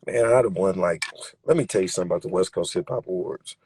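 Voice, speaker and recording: A man's voice: deep voice, fast talker, a little mellow, slightly rough. A young man, a rapper, telling his story in an interview with emphatic, streetwise conviction. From Bay Area, California. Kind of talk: candid interview talk.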